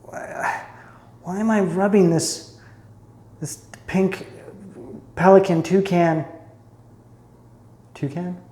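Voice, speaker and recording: Guy reading tarot cards, thinks out loud and restarts a lot, roomy echo. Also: high-pitched, steady tone, very slow, long pauses. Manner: musing, searching, self-interrupting. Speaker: tarot reader.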